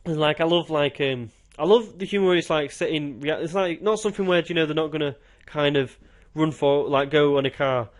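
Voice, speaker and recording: Young uk guy on a film podcast, talks super fast, kinda high voice, keeps acting out scenes. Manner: quick, animated retelling of film scenes, acting out lines. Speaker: podcast co-host. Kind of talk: casual chat about films.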